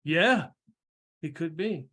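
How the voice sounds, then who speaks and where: A man narrating a tabletop game as game master, halting with many restarts. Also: on the high side, expressive, a bit bright.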